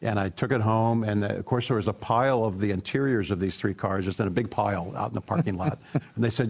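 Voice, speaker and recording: A middle-aged man with a low, gravelly voice. He speaks as an automotive executive in an interview, easygoing and anecdotal, padding his answers with "uh" and "you know.". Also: fast talker, a little mellow. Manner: easygoing, anecdotal, many fillers.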